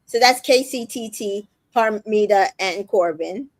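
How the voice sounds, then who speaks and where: This recap podcast host recounts scenes in a casual chat, quoting the people involved, swearing freely and packing in filler words. She speaks at a medium pitch, a little slowly, with no echo on the recording.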